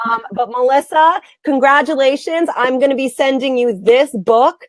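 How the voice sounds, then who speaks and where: Emphatic, higher-voiced woman host. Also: normal speed, no room sound. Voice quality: bright, emphatic, repeats words for stress. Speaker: host, blogger. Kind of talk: casual live-stream chat.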